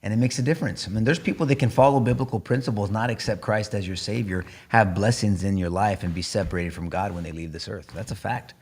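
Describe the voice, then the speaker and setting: A man's voice: fairly low pitch, fast talker, few pauses, a little mellow, husky. A man hosting a faith discussion podcast, earnest and emphatic, recorded in a home garage. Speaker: podcast host. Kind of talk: casual podcast talk.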